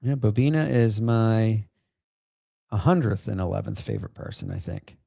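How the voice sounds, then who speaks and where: A man's voice: on the low side, expressive, moderate pace, mellow, dry recording, studio quality. A man hosting a casual livestream, rambling with many fillers and bursts of laughter. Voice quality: gravelly, creaky. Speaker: livestream host.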